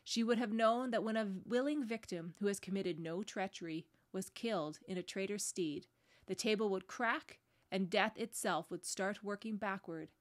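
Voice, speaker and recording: A woman voicing a noble, calm male lion in a storybook read-aloud, speaking in a slow, grave, measured way. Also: mid-range voice, natural voice.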